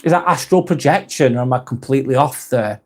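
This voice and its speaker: A man's voice: medium pitch, brisk, darkish tone. A man from northwest England, hosting a live stream in a casual chat style, reading viewer comments aloud and replying in a friendly way.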